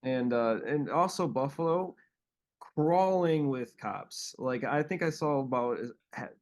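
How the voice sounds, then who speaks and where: A man with an ordinary mid-pitched voice, sharing a band story on a podcast. He hesitates often, filling gaps with "uh" and "um" as he builds up the tale. The tone is casual and easygoing. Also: lively intonation, unhurried. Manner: hesitant, many "uh" and "um". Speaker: band member, guest. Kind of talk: casual anecdote telling.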